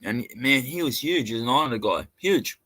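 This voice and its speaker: Bright-voiced Australian man telling stories. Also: mid-range voice, animated, brisk, dry recording. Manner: crude, laughing anecdotes with put-on voices. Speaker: podcast co-host. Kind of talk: casual storytelling chat.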